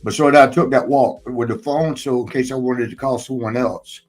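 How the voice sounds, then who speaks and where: A man's voice: medium pitch, steady tone, moderate pace, soft background music, poor audio. A man hosting a casual chat, telling a long personal story in a rambling way, swearing often and laughing between lines. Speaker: podcast host and former wrestler.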